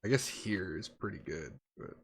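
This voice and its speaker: Lively, chatty male streamer. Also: deep voice, moderate pace, a little hiss or hum. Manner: chatty, joking, thinking aloud. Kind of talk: casual gaming stream chat.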